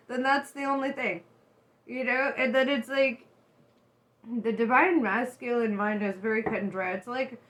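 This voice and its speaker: A woman giving a casual tarot reading to her viewers, chatty and animated, who laughs often and swears freely. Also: on the high side. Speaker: tarot reader.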